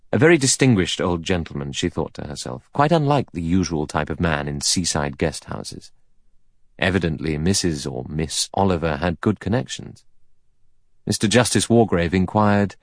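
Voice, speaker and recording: Deep-voiced, animated male narrator, dry close read. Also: normal speed, no echo. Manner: expressive, varied delivery. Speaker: audiobook narrator. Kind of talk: scripted narration.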